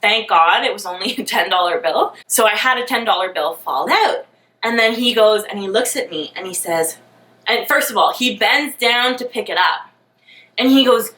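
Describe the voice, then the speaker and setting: A young woman telling a dating story in a storytime vlog, animated, sarcastic and self-mocking. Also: mid-range voice, normal speed. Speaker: vlogger. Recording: roomy, mic at a distance.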